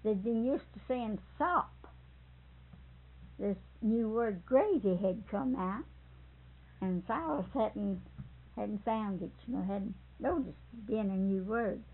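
Gravelly older woman telling tales. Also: medium pitch, slow. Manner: chuckling, rambling, repeats and corrects names. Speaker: storyteller interviewee. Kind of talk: folksy anecdote telling. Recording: tinny phone-like tape with faint hiss.

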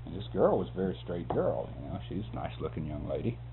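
A man's voice: low-pitched, big pitch swings, quick pace. Chuckling man spinning a yarn, lo-fi. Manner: chuckles often, rambling, restarts words. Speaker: interviewee telling a work story. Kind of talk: casual storytelling. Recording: phone-like lo-fi tape with faint hum.

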